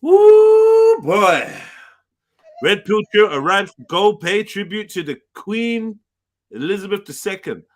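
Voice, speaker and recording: A man hosts a casual livestream. His voice sits a little high. He talks in loose, teasing slang and keeps things informal. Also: expressive, measured pace, a bit bright. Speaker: livestream host.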